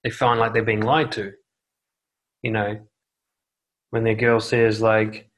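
Seated indoors on a noisy chair, a man talks to the camera in a slow, level, lowish voice with a fairly bright tone. He hands out blunt, casual dating advice, swearing freely and acting out quoted voices.

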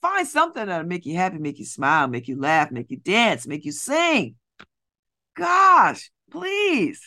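Woman radio host, middle-aged, lively pitch, animated monologue. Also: unhurried. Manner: animated, repetitive, laughing asides. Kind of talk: casual monologue. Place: radio studio.

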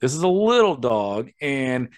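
A man's voice: mid-range voice, very animated, measured pace. A man hosting a podcast, ranting and telling stories in a casual, profane way. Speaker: podcast host.

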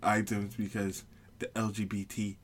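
A young man co-hosting a podcast, trading crude, deadpan jokes in casual banter with his brother. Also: on the low side, moderate pace, slightly rough. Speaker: podcast co-host.

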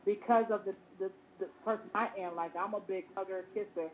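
A woman, a mother, talking casually in conversation, animated and often restarting her sentences. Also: medium pitch, a little fast, a little hiss or hum, poor audio. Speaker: guest, mother.

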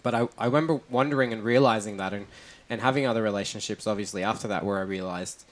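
A man's voice: fairly low pitch, fast talker. A man in his thirties hosting a podcast, telling personal stories in a reflective, casual way. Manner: reflective, storytelling with repeated starts. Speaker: podcast host. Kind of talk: casual chat.

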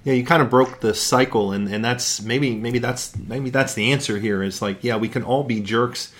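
A man's voice: medium pitch, moderate pace, fairly bright tone. A man in casual discussion, reflecting on a point and repeating words as he builds it.

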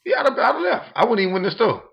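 A man's voice: high-pitched, huge pitch swings, rapid-fire, gravelly, husky, muffled recording. A man co-hosting a podcast, chatting frankly and casually, repeating phrases for stress. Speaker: podcast co-host. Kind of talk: casual chat.

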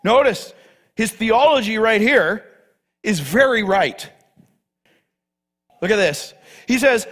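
A man preaching a sermon as pastor, teaching from the Bible with emphatic, animated delivery. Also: high voice, a little slow.

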